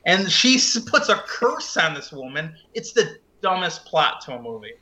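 A man's voice: on the high side, sing-song, moderate pace, sharp tone. Fired-up man ranting. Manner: heated, swears a lot. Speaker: podcast co-host. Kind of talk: casual ranting film chat.

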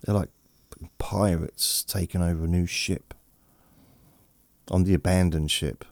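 A man's voice: low-pitched, fairly even intonation, slow, creaky, a little mellow, no room sound. A man hosting a bedtime podcast, rambling in a meandering, self-deprecating way, with his voice edited and processed to sound relaxing. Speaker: podcast host. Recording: processed close-mic studio voice.

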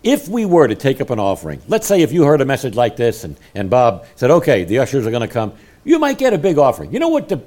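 A male pastor with a drawl delivers a sermon, his pitch swinging up and down as he tells stories. He laughs easily at his own jokes and drives his points home with rising emphasis. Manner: animated storytelling preacher who laughs at his own jokes.

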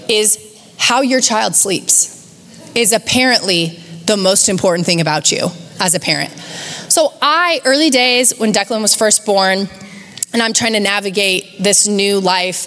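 A middle-aged woman pastor giving a live sermon in a church, telling stories with energy and acting out other people's voices. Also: a little high. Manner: animated storytelling, acts out voices. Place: church sanctuary. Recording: live in a reverberant church hall.

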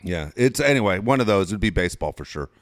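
Low-voiced laid-back male co-host, dry sound. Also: expressive, quick pace, dry recording. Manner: laid-back, wry, swears casually. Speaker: radio show co-host. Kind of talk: casual chat.

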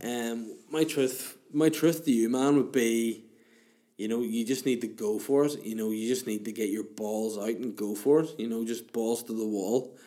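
A man's voice: medium pitch, fairly even intonation, normal speed, dark tone. A man, hosting a casual chat show and answering listener questions in a rambling, crude, self-mocking way.

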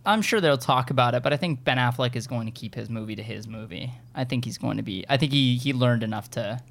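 A man co-hosting a casual pop-culture chat, easygoing and measured. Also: medium pitch, creaky. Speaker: podcast co-host.

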